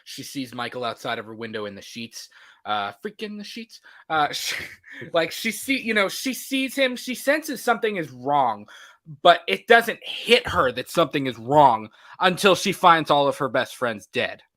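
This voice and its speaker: A man's voice: fairly high pitch, big pitch swings, normal speed, bright, forceful tone. A man hosting a movie podcast, talking casually and animatedly with many fillers and restarts. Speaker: podcast host.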